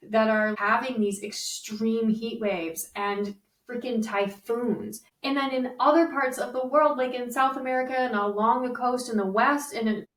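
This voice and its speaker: Chatty woman in an echoey room. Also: fairly high pitch. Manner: animated, chatty, with fillers like "like". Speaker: podcast co-host. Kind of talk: casual chat. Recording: roomy, slightly distant mic.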